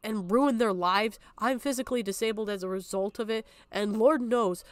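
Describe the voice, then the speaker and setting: A woman's voice: medium pitch, moderate pace, few pauses, no echo. Tearful, upset young woman streamer. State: on the verge of tears. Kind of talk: emotional livestream talk.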